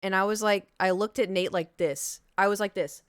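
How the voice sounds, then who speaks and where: A young woman streaming live and chatting loosely with her viewers, stringing thoughts together with "like" and easy laughter. Her pitch sits in the middle range, and her voice is close and dry with no room sound. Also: steady tone, moderate pace, clear, resonant tone, dry recording. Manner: chatty, rambling, heavy use of "like", laughs easily. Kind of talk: casual storytelling to live chat.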